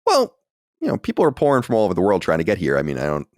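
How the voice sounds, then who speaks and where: Recorded in a home studio with clean sound and no echo, this podcast host is a man in his late thirties or forties. His low, slightly mellow voice swoops wildly in pitch as he talks very fast, keeping the chat casual and self-deprecating.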